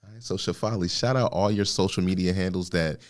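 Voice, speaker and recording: A man's voice: low-pitched, steady tone, fairly quick. A man hosting a podcast, asking questions in an easygoing, conversational way. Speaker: podcast host. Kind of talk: casual interview chat.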